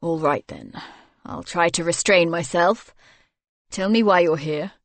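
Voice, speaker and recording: A woman voicing a confident, teasing newlywed man in a low, fond manner for an audiobook. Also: measured pace, no echo.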